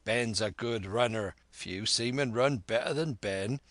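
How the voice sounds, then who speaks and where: Guy reading a crafty old pirate cook, slow blustery sailor talk, dry close sound. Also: lowish voice, fairly bright tone, no echo. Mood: blustering. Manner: salty sailor slang, bluff and wheedling. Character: cunning one-legged old male sea cook, blustering. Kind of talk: audiobook character reading.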